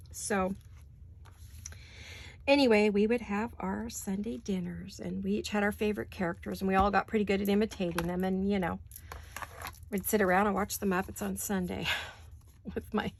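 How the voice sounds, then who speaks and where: A woman's voice: mid-range voice, creaky, a little mellow, slight background noise. A middle-aged woman hosting a crafting video, chatting casually and laughing easily as she reminisces and works in her home studio.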